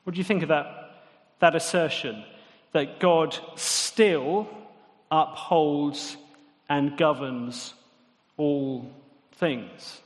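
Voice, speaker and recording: Guy giving a chatty sermon, asks the room questions, voice on the higher side, long echo from the hall. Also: very slow, pauses often. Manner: conversational, asks the congregation questions. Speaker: preacher.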